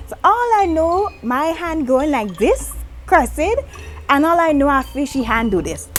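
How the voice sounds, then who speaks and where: A woman, vlogging an animated, dramatic story and talking with her hands. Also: sits high, moderate pace, faint music behind. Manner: lively, dramatic retelling with acted-out quotes, talks with her hands.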